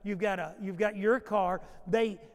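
A male pastor preaching a sermon, moving from loud urgent passages to low hushed asides. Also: steady tone, unhurried. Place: church sanctuary. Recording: long hall reverb.

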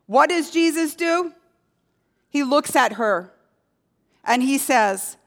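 A woman preaching a sermon, telling a story slowly and letting key words fall low and quiet. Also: lively intonation.

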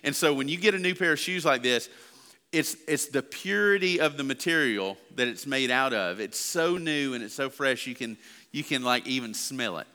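With a bright, forceful, clean medium-pitched voice and lively intonation, a male pastor preaches at a moderate pace. He talks conversationally and puts questions to the congregation, and the recording carries long hall reverb.

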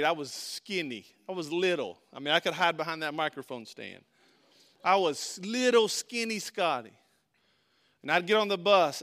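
A middle-aged man preaching a sermon, telling a personal story with lively swings from quiet to shouting. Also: high-pitched. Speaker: pastor.

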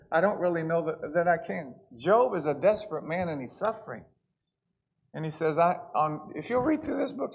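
A man preaching a sermon, swinging between hushed asides and loud, pleading passages. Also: fairly high pitch. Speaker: pastor.

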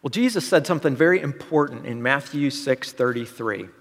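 A man's voice: medium pitch, lively intonation, a little fast, long reverb tail. A male pastor giving a conversational sermon, asking the congregation questions. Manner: conversational preaching with rhetorical questions.

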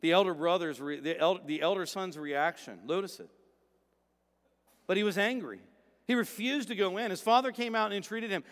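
A man preaches a sermon with a high, very lively voice that climbs to loud emphasis and drops to quiet, low stretches. His voice rings with the long reverb of a large hall. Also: fairly quick. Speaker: pastor.

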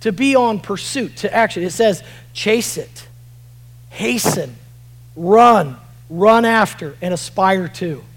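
Man, pastor, high voice, emphatic sermon, loud then soft, repeats words. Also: animated, takes it slowly, poor audio. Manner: emphatic preaching, voice rising to shouts then dropping low; repeats words and restarts while reading scripture.

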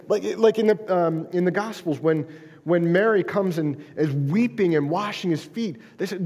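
A man's voice: sits high, normal speed, a little mellow, in a large hall. A male pastor preaching a sermon in a conversational style, stumbling over restarts and often checking in with "right?".

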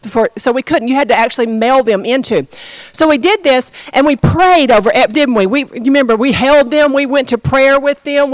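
A woman pastor telling a story in a sermon, expressive and conversational, addressing her congregation. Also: high voice, no room sound.

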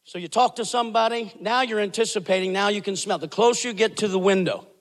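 A man preaching a sermon as a guest pastor. He swings between shouted peaks and low asides. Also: fast talker, long reverb tail.

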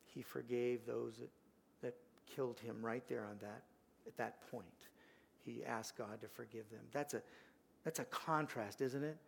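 An older man preaching a sermon as pastor, earnest, swinging from loud emphasis to a hushed, gentle invitation. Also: medium pitch, fairly even intonation, measured pace, gravelly, slight background noise. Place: church sanctuary.

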